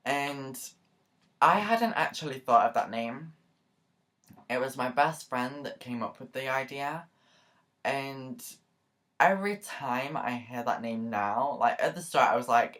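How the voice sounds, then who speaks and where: A woman's voice: extremely low pitch, lively intonation, measured pace, a bit bright. A woman YouTuber talking casually to camera in a chatty, rambling, earnest way, with many asides and fillers. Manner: earnest and emotional. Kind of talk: casual vlog talk to camera.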